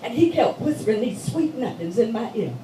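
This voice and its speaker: High-voiced woman doing a dramatic monologue, talks to the crowd like a friend, echoey church hall, mic far off. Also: sing-song, brisk, dark tone, slight background noise. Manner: emphatic, conversational storytelling. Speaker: stage performer. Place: church meeting room.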